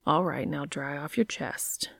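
A woman voicing a gentle, teasing young man in a story she reads aloud, speaking in a soft, hushed way. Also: sits low, measured pace, creaky, husky, no echo, studio quality, full character voice.

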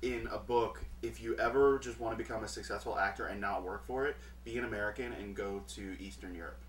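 A man's voice: on the low side, fairly even intonation, fairly quick, a little hiss or hum. A man in casual chat, chiming in with wry remarks.

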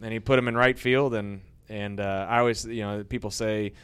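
A man, a former baseball pitcher, telling rambling anecdotes in a casual interview, growing lively as he retells old stories. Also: normal speed, smooth.

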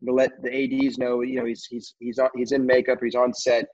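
A man's voice: mid-range voice, monotone, brisk, a little mellow. Rambling middle-aged man telling stories. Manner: rambling, heavy on fillers like "you know". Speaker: film crew guest. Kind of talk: casual anecdotal storytelling. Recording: dull lo-fi recording.

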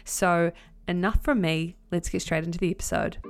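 A woman's voice: on the low side, fairly even intonation, normal speed, smooth, faint music behind. A young woman with a New Zealand accent hosting a podcast, talking in an enthusiastic, effusive way. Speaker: podcast host. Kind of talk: casual podcast interview.

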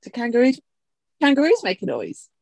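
A woman co-hosting a podcast in casual chat, expressive and full of joking complaints, swearing freely. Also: high voice, fairly quick, creaky, dry recording. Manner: expressive, swears freely, jokey exaggerated fear. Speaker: podcast co-host.

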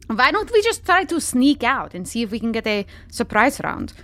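A woman with a somewhat high voice playing a tabletop game. She talks in a wry, playful way and drops dry quips between her moves. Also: big pitch swings, moderate pace, fairly bright tone. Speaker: player. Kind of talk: casual tabletop game play.

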